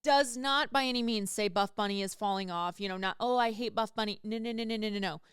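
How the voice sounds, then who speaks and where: A woman's voice: medium pitch, fast, fairly bright tone, smooth, dry recording, studio quality. A woman hosting a podcast, chatting casually and candidly and swearing freely. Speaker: podcast host. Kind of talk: casual chat.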